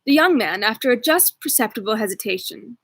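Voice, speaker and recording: A woman reading a novel aloud at home in a measured, even narration. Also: fairly high pitch, dry recording, rough recording. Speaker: audiobook reader.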